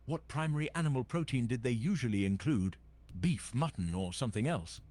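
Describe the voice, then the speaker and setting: A synthetic man's voice doing a husky jolly Santa Claus. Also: medium pitch, a little fast, natural voice. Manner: reads stage directions aloud in a steady, jolly patter.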